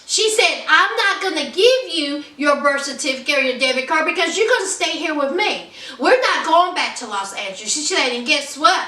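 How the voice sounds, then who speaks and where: A woman's voice: high-pitched, normal speed, reverberant, recorded from a distance. A woman talking casually and sassily to her viewers as she recaps a reality show episode. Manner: animated, sassy, talks straight to viewers.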